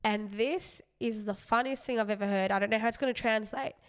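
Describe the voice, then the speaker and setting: A young woman, a comedian hosting her podcast, telling a story in a rambling, animated way with self-aware asides. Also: medium pitch, a little fast, smooth. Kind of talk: casual comic storytelling.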